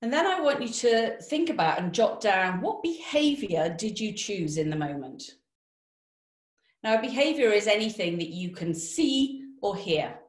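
A woman giving a motivational webinar talk, lively and direct, asking the audience questions. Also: medium pitch, a little slow, roomy sound. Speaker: webinar speaker.

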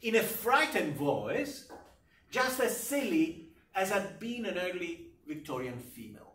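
A man giving a university literature lecture, talking in a deliberate, emphatic way and often checking in with his listeners. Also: high-pitched, very animated, a bit bright. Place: lecture room. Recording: echoey room, voice from far off.

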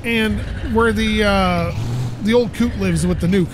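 A man's voice: sits high, unhurried. A young man hosting a gaming channel, giving casual, playful let's-play commentary and joking to himself as he plays. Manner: playful, jokey, talks to himself while playing. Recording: game vehicle noise behind voice.

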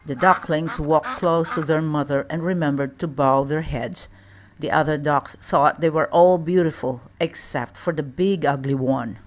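A woman reading a children's storybook aloud in a calm, measured way. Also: low voice. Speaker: children's book reader.

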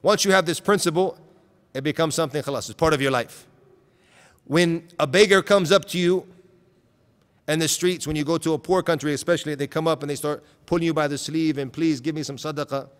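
A man's voice: on the high side, fairly quick, clean tone. A man preaching a sermon in an earnest, direct way, posing rhetorical questions and mixing Arabic terms into his talk. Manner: mixes in Arabic terms and recited verses. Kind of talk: Islamic lecture. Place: lecture hall at an event. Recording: reverberant hall sound.

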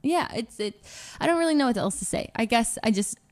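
Her voice a little high and animated, a female streamer haltingly confesses something emotional to her viewers. She keeps restarting phrases, searches for words with lots of fillers, and fills the silences with small nervous laughs.

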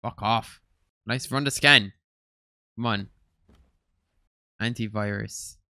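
A young man commenting as he plays a horror game, jumpy and swearing and yelling when startled. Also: fairly low pitch, slow, no room sound, clean studio sound. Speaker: gaming streamer.

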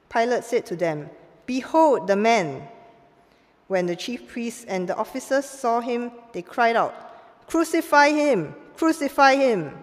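A woman giving a formal Bible reading in a church service, measured and clear, lifting her voice for the quoted lines. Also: mid-range voice. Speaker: scripture reader. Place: church sanctuary. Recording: long church hall reverb.

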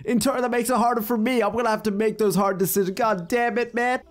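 A man doing let's play commentary, reacting out loud to a story game in excited, slangy chat. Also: high voice, quick pace, faint music behind. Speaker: gaming commentator.

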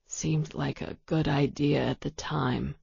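A woman reading an audiobook voices a badly wounded man struggling to stay conscious, speaking in weak, breathless, halting words. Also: low-pitched, flat delivery, a little mellow, no echo, lo-fi sound, pitched below the performer's own voice, exaggerated voice. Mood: weak, strained. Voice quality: husky and gravelly.

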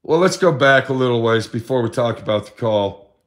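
A man's voice: medium pitch, animated, fairly quick, a bit bright. Rambling profane man telling a sad story. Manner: profane, rambling, acts out his friend's voice in quotes. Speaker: vlogger telling a story about a friend. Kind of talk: emotional personal storytelling.

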